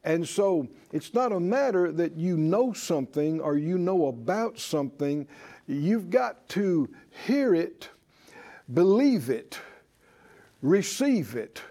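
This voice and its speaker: High-voiced preacher leading a class. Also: male voice, expressive, takes it slowly, mellow. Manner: emphatic, repetitive, leads call-and-response. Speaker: preacher teaching a faith class. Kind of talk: sermon-style Bible teaching.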